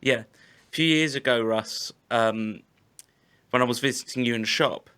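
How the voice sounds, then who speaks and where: A man's voice: medium pitch, moderate pace, bright, forceful tone, clear, resonant tone. A man hosting a podcast, chatting casually with stops, restarts and lots of "like". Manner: casual, repeats words, fillers like "like". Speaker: podcast host. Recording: dull lo-fi recording.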